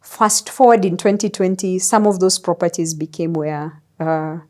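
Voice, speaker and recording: A woman's voice: fairly low pitch, moderate pace. A middle-aged Kenyan woman with a Kenyan accent, a business executive telling stories in a casual interview and acting out the dialogue as she goes. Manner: animated storyteller acting out dialogue.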